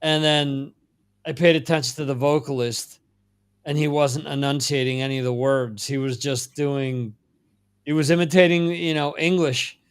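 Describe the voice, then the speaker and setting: A man from the United States hosting a casual music chat podcast, relaxed and unhurried, with lots of fillers and restarts. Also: a little high, smooth. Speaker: podcast host.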